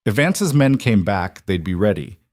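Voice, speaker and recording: A man narrating a western audiobook in an even, measured storytelling style. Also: on the low side, dry recording, clean studio sound.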